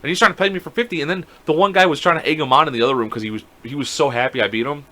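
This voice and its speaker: A man's voice: fairly high pitch, racing, sharp tone. A man co-hosting a podcast, telling a story in casual chat, acting out quotes and swearing freely. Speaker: podcast co-host.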